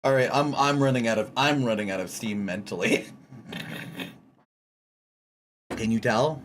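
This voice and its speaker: A streamer chatting casually with their chat while drawing, teasing viewers and breaking into sudden high squeaks. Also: unhurried, noisy background.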